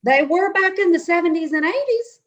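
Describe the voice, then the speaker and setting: A woman's voice: very high voice, expressive, normal speed, a bit bright, muffled recording. A woman in her fifties from Nashville with a Southern drawl, chatting folksily as a guest in a casual interview. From Nashville, Tennessee. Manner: folksy and playful, calls the host honey. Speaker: guest, company CEO.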